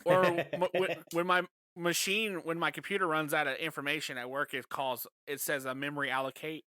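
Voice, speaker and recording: A man's voice: fairly high pitch, steady tone, a little fast, pushed and bright. A man co-hosting a podcast, joking around and laughing often. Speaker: podcast co-host. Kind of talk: casual chat.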